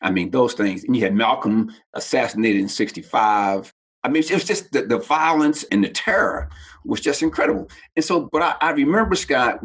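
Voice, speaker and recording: A man's voice: fairly low pitch, a bit bright, breathy edge. A man in his sixties from Baltimore, a podcast guest telling personal stories with animation and acting out the voices he quotes. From Baltimore, United States. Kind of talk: personal storytelling in an interview.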